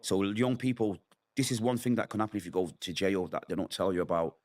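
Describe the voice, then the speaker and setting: Fast-talking man, candid. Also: sits low, darkish tone. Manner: candid, emotional storytelling with vivid acted quotes. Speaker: interview guest. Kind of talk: personal testimony in a sit-down interview.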